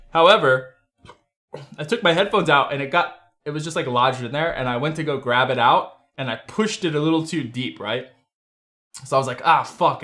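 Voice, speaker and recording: A young adult man hosting a casual livestream from his desk, telling a story in an animated, profane way. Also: mid-range voice. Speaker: livestream host. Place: home desk.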